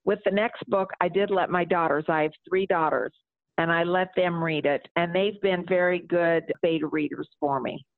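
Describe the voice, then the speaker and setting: A woman's voice: lowish voice, steady tone, moderate pace, gravelly, dry recording. A middle-aged woman author answering interview questions and reading aloud from her novel, speaking earnestly. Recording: tinny phone line.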